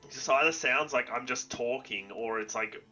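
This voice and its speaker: A man's voice: mid-range voice, moderate pace, sharp tone, highs cut off, faint music behind. A man chatting casually as a player, rambling with lots of fillers. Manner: eager, rambling with fillers like 'like'. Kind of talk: casual chat.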